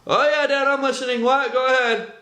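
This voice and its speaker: A man's voice: extremely high pitch, fairly even intonation, brisk, sharp tone, reverberant, voice pushed up. A man voicing distracted children who brush off their father in a breezy, dismissive way.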